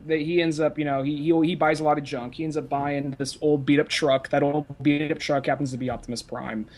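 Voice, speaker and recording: Young male podcast co-host, slightly high voice, loose rambling delivery with constant swearing and restarts. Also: steady tone, brisk, darkish tone. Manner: rambling, profane, with frequent fillers and restarts. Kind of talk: casual chat.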